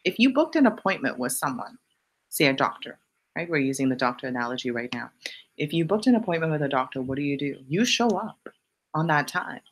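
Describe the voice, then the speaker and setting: A woman's voice: big pitch swings, fairly quick, husky. A woman hosting a casual motivational live stream, answering viewer questions bluntly and swearing for emphasis. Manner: jumps up in pitch on punchy repeated lines.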